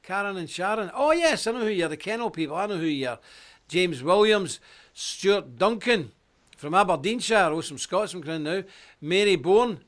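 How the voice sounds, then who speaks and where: A man's voice: high-pitched, animated, moderate pace, fairly bright tone. Chatty Ulster man hosting a livestream. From Northern Ireland. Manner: chatty, jokey, greeting viewers by name. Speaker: host. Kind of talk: casual livestream chat.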